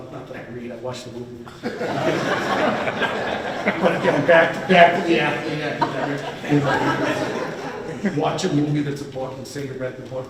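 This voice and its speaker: A man in his fifties giving a rambling, self-deprecating hall of fame acceptance speech at a banquet dinner. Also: on the high side. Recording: echoey banquet hall from far off.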